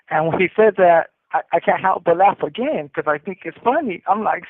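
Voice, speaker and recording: A man's voice: sits high, animated, fairly quick, few pauses, dry recording. A man calling from prison, telling in a candid, streetwise way about his first days in custody as a youth. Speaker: incarcerated caller. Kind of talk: casual storytelling over the phone. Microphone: prison phone. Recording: tinny prison phone line.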